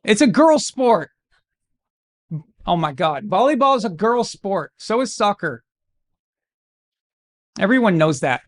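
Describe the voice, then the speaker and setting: A man's voice: high voice, big pitch swings, slow, long pauses. A man from Arkansas hosting a live football watch-along stream, giving casual commentary full of crude, brash, mocking humor.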